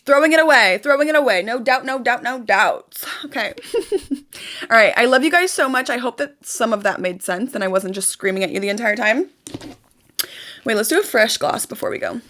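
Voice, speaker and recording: Young woman, high voice, emphatic motivational vlogger who repeats lines for punch. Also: moderate pace. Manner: animated, emphatic, repetitive, swears casually. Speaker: manifestation vlogger. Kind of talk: casual motivational vlog.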